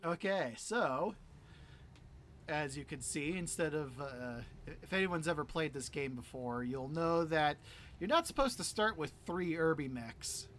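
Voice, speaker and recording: A man streaming a video game in a playful, giggly way who swings between quiet muttering and excited outbursts. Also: on the high side, measured pace, slight background noise. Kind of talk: casual gameplay commentary.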